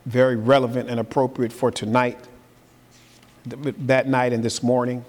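A man's voice: medium pitch, little pitch movement, normal speed, darkish tone. A man preaching a sermon as pastor, building to emphatic peaks and repeating his key phrases. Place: church sanctuary. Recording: long reverb in a large hall.

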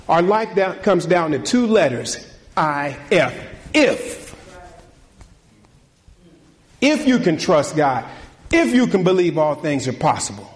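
Male preacher, slightly high voice, folksy call-and-response delivery that rises and drops sharply. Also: big pitch swings, takes it slowly, long pauses. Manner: swings from loud, high preaching to quiet, low talk. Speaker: pastor. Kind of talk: sermon.

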